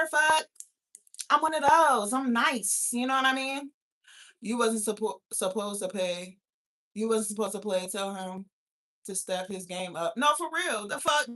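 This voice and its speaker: A woman's voice: sits high, pushed and bright. A woman in her thirties hosting a talk show, chatting casually in a brash, profane, laughing way. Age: 30s. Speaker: podcast host. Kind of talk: casual chat.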